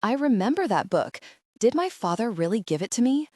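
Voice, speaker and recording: A woman's voice: on the high side, big pitch swings, fairly quick, a little mellow, no room sound, studio quality, pitched above the performer's own voice. A woman voicing an earnest, guarded young queen in an audiobook, speaking in a pressing way.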